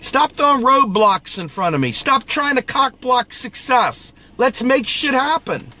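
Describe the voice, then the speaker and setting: A man's voice: very high voice, lively intonation, unhurried, sharp tone. A man venting in a profane, preachy rant and repeating phrases for emphasis, with a cough at times. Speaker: political video host. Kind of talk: impassioned ranting vent session.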